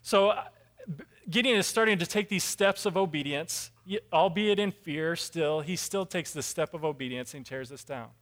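A man's voice: on the high side, moderate pace, a bit bright. A man preaching a casual, conversational sermon as a pastor, self-deprecating and acting out characters' lines.

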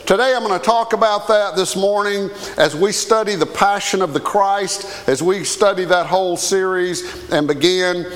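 A man with a Southern US accent preaching a sermon as pastor, folksy and animated with touches of humor. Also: sits high, long reverb tail.

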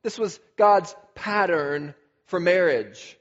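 High-voiced pastor preaching with long hall reverb. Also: male voice, takes it slowly, highs cut off. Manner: animated, emphatic, rhetorical questions. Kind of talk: sermon.

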